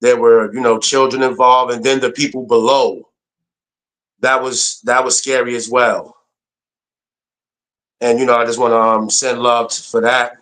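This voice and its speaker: A man's voice: mid-range voice, level tone, measured pace, long pauses, a bit bright. A man hosting a casual news show, talking in a loose, laid-back way with fillers. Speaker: host.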